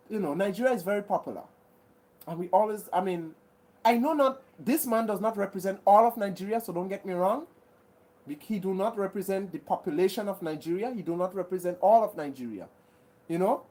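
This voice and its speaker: A woman's voice: medium pitch, mellow. A woman from Grenada hosting a live chat, reading viewer comments and talking earnestly with many repeats and restarts. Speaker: livestream host.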